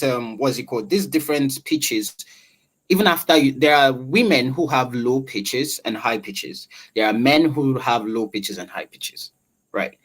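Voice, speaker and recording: A man talks through voice training with a husky, velvety tone. His pitch swings widely as he demonstrates and asks questions. It sounds like an interview guest teaching his craft. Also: a bit bright. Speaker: voice-over artist guest. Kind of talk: explanatory interview talk.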